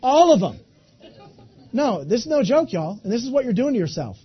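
A man in his twenties giving an animated, folksy motivational talk, speaking directly to a live audience. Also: extremely high pitch, fast, husky, muffled recording. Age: 20s.

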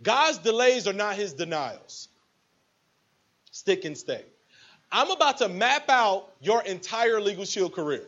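Animated, preachy male motivational speaker. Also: high voice, a little slow, muffled recording. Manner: preachy, animated, acts out scenes with quoted voices. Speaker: motivational speaker at a business event. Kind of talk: motivational stage speech. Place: room with a live audience.

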